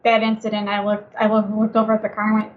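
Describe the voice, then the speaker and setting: A woman's voice: medium pitch, completely flat delivery, fast, phone-quality sound. A woman who once guided museum tours, chatting as a podcast guest and recounting stories in a casual, anecdotal way. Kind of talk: telling ghost stories in a casual interview.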